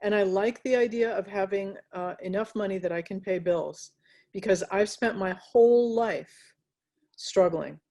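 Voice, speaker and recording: An American woman answers interview questions in an unhurried, reflective way. She stops often, restarts her sentences and fills the gaps with small fillers. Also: medium pitch, warm tone. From United States. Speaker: interviewee, graphic novelist. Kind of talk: casual interview conversation.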